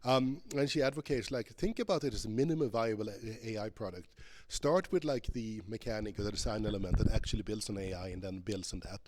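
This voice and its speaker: A man's voice: fairly low pitch, brisk, hardly any pauses, background noise. Chatty man giving a playful keynote. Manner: chatty and playful, thinking aloud with many ums and restarts. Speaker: keynote speaker, professor. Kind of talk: conference keynote with live game demo. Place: conference stage.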